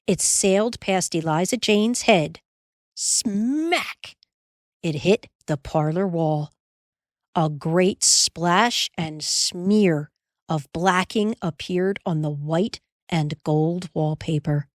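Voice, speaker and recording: A woman reading a children's classic aloud as an audiobook narrator, measured and expressive. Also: on the low side, dry recording, clean studio sound. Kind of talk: scripted storybook narration.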